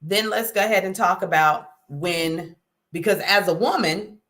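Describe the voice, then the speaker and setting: A middle-aged woman hosting a casual talk, folksy and animated, often checking in with "okay?". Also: fairly low pitch, normal speed. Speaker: host. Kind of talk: casual talk to a live audience.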